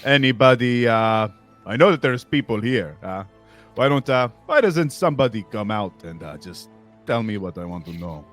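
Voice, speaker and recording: A man's voice: medium pitch, expressive, normal speed, soft background music, lightly acted. A man voicing a big walrus-man bounty hunter who talks in a cheery, offhand way, polite while he threatens. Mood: boisterous. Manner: cheery, offhand, with many ums and uhs.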